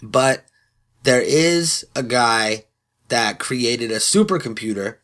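A man's voice: mid-range voice, slow pace, a bit bright. A man hosting a podcast, talking loosely with swearing and self-mocking asides into a podcast microphone. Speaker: podcast host. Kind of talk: casual solo podcast intro. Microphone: studio podcast microphone.

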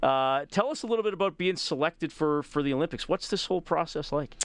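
A man's voice: a little high, animated, a little fast. A man hosting a sports radio show from a studio, chatting casually with frequent restarts and fillers. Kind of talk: radio sports talk and interview. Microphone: studio microphone.

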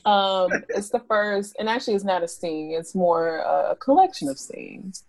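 A woman's voice: mid-range voice, expressive, normal speed, vocal fry, no echo. A woman co-hosting a podcast in casual chat, talking loosely, laughing often and restarting her sentences. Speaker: podcast co-host.

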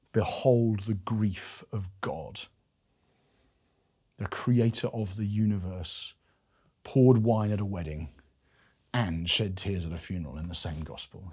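A man preaching a sermon, moving between hushed, slow passages and raised, pleading emphasis. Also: mid-range voice, slightly rough.

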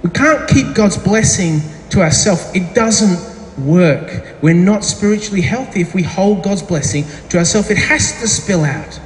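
High-voiced pastor in an echoey hall. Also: male voice, expressive, measured pace, a little hiss or hum. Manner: chatty storytelling, self-deprecating asides. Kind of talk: sermon. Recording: echoey hall with faint ambience.

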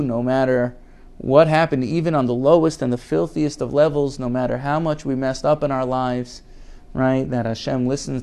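A man's voice: medium pitch, warm tone. A man teaching a Torah class in an earnest way, repeating words for emphasis and reading Hebrew quotes aloud before translating them.

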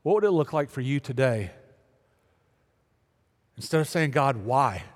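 A man's voice: a little high, expressive, normal speed, darkish tone. A man preaching, telling a joking story about his family before turning earnest and urging the listeners. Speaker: pastor. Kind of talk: sermon with humorous story. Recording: long reverb of a large hall.

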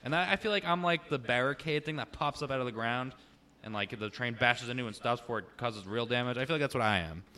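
A young man with a smooth, resonant voice rants in casual conversation with a friend. He swears constantly and gets animated and loud as he vents his frustrations. His tone is heated and exasperated throughout. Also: mid-range voice, fast talker. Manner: profane, ranting, animated. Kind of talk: casual chat.

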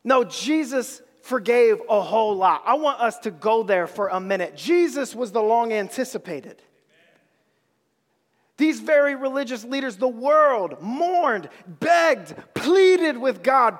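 High-voiced man preaching slowly in a hall. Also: animated. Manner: repetitive, emphatic, casual slang. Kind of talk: sermon.

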